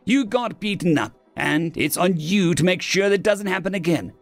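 A man's voice: high-pitched, animated, normal speed, vocal fry, dry recording, soft background music, pitched above the performer's own voice. A man voicing a brash, foul-mouthed small woman general who talks bluntly and scolds. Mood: scolding.

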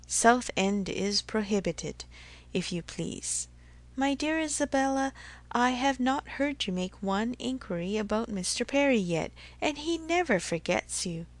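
A woman reading the part of a clever young woman who briskly and tactfully steers the talk. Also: a little high, animated, pitched above the performer's own voice. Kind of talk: audiobook character reading.

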